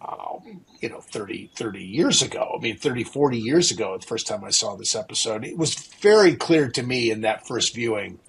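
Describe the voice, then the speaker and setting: A middle-aged man chatting reflectively on a podcast, with halting restarts. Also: mid-range voice, lively intonation, gravelly, a little hiss or hum, poor audio. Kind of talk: casual chat.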